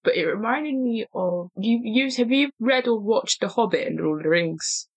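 A podcast co-host talking in a lively, emphatic, chatty way in a casual conversation. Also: medium pitch, normal speed, no room sound, poor audio. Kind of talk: casual chat.

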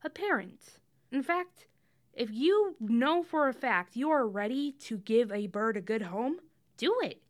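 A young woman hosts her podcast in a chatty, tangent-prone way and drops wry asides as she goes. Her voice sits a little high and swoops up and down with lively expression. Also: unhurried. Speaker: podcast host. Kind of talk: casual scripted podcast monologue.

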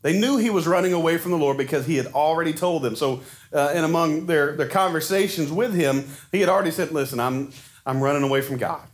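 A man in his forties preaching a sermon in a casual, animated storytelling way, acting out the quotes he tells. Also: on the high side, fast. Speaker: pastor.

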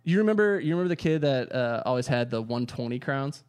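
A man's voice: mid-range voice, animated, quick pace, a little mellow, clean tone. A man in a casual podcast chat, teasing the others and saying dude a lot. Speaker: podcast guest.

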